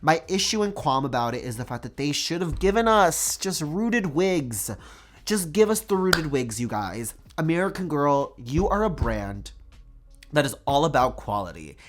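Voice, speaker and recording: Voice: mid-range voice, very animated, moderate pace. Doll collector vlogger, opinion rant to camera, emphatic, dramatic repetition, lots of "like".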